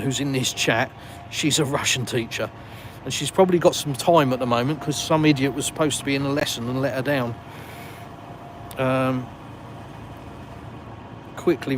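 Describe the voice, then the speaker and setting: A man with a southern English accent, hosting a live stream outdoors and chatting casually with viewers in a self-mocking way. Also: mid-range voice. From England. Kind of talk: live stream chat, reading comments. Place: outdoors in a village, walking. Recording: noisy outdoor phone stream. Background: passing cars and street noise.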